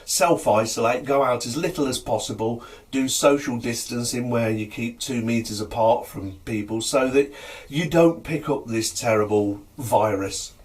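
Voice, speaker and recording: A man's voice: medium pitch, normal speed, distant mic. A man, chattily telling jokes to camera in a casual, storytelling way. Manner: chatty, lively, chuckles at own jokes.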